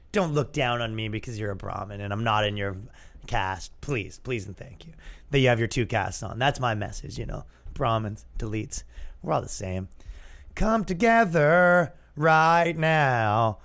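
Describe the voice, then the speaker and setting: A man's voice: mid-range voice, a bit bright. A young man with a Canadian accent, hosting a comedy podcast in a crude, sarcastic, rambling rant. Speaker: podcast host.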